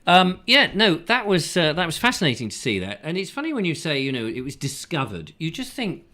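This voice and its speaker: A man's voice: fairly high pitch, wildly swooping pitch, fairly quick, sharp tone. A man from England hosting a comic live chat show, joking and chatting, slipping into silly voices. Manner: playful, drifts into silly put-on voices. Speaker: show host.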